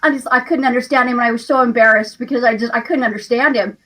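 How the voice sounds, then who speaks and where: A woman with a slightly raised pitch tells a loose, chatty story on a video call. She strings her thoughts together with casual fillers. Her telling is relaxed and unscripted. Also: fast, distant mic, low-quality recording. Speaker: guest on a call, a participant's wife.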